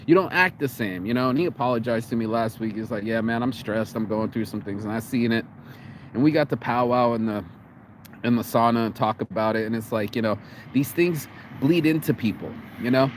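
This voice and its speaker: An American man talks straight into a phone camera outside on a cold day, rambling and swearing freely. He restarts and repeats his words often, in a voice of middling pitch. Faint street noise sits behind him. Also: a little fast. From United States. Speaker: vlogger. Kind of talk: casual vlog monologue.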